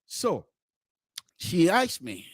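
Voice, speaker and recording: Animated man telling a story. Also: drawn-out words, dry recording, studio quality. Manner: animated, swings between loud exclamations and low murmurs; frequent restarts and repeated words. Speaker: podcast host. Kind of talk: storytelling commentary.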